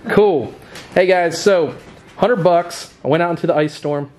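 A man hosting a casual vlog at home, relaxed and chatty, laughing often and calling people "man". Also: fairly high pitch, a little slow. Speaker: record store owner and vlog host. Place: home kitchen, indoors.

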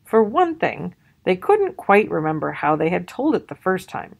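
A woman narrating a children's picture book aloud in an expressive storytelling way. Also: on the low side, normal speed, creaky. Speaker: storybook reader.

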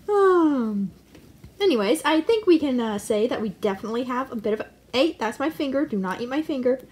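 A woman's voice: sits high, a little mellow. A woman vlogging her pet rats at home, chatting playfully, laughing often and fondly scolding them. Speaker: pet rat owner and channel host. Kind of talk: casual pet vlog commentary.

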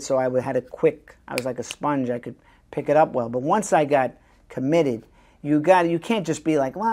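An older man, an actor, chatting as an interview guest and telling lively stories. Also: mid-range voice. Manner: animated storyteller who acts out quoted voices. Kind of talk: casual interview chat.

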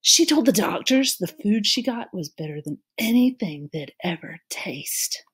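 Woman voicing a thirteen-year-old girl, bossy, blunt, sharp-tongued, storybook reading. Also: medium pitch, animated, measured pace, breathy edge, full character voice. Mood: knowing.

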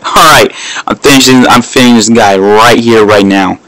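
A man's voice: fairly low pitch, normal speed, a bit bright. A man crudely commenting to himself, with plenty of swearing, while playing a mobile game. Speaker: gamer.

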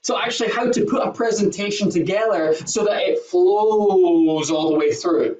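Guy with a high voice talking up public speaking tips, kinda far from the mic, dull sound. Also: normal speed. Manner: energetic, emphatic, coaching tone. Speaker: presentation skills trainer, guest. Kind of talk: podcast interview answers. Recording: roomy, distant, dull remote audio.

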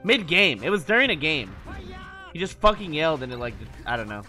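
A man's voice: fairly high pitch, brisk, faint music behind. A man chatting casually with his stream chat, cursing freely and laughing often. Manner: animated, profane, laughs often. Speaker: gaming streamer.

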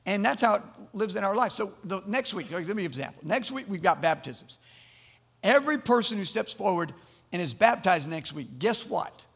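A man's voice: high voice, animated, fairly quick, gravelly, a bit bright, breathy edge, in a large hall. A man preaching a sermon as pastor, earnest, often repeating words as he builds to emphatic points. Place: church sanctuary.

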